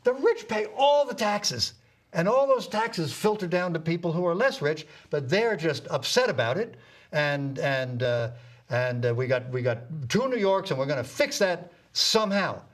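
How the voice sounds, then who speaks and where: A man's voice: fairly high pitch, animated, normal speed. An older man co-hosting a radio talk show, pushing back on political points and often stumbling over repeated words. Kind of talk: opinionated political banter.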